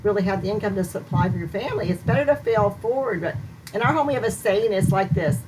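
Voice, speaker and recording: A woman co-hosting an interview in casual chat, lively and laughing often, drifting into faith-based advice about parenting. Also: mid-range voice, fast talker. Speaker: co-host. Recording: distant, noisy call audio.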